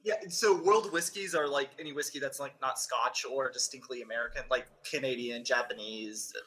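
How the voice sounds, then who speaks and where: A man's voice: medium pitch, moderate pace, sharp tone, poor audio. A man co-hosting a casual podcast, explaining things chattily with plenty of fillers. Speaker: podcast co-host.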